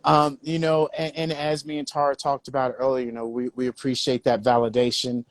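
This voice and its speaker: A man's voice: mid-range voice, flat delivery, a little fast, no room sound. A man speaking as a business coach, earnest and motivational, with many filler phrases.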